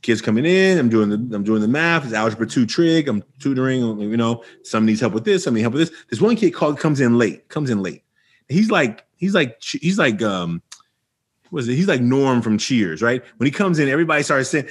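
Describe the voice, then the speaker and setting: Husky-voiced man telling an animated story. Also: fast talker. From Oakland, California. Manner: animated, acts out quoted dialogue with jumps in pitch; frequent restarts and fillers like "you know" and "right". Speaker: podcast guest. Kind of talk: casual storytelling interview.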